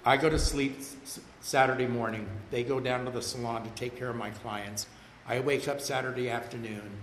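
An older man earnestly telling a personal story about getting sober, in a conversational way, sometimes repeating words. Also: medium pitch. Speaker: storyteller sharing his recovery story. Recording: roomy with faint background noise.

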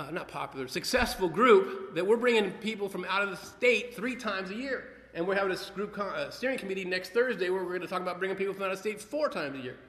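A man speaking at a recovery meeting, telling his own story in a rambling, animated way with many restarts and acted-out quotes. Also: on the high side, a little hiss or hum. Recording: echoey hall, long reverb.

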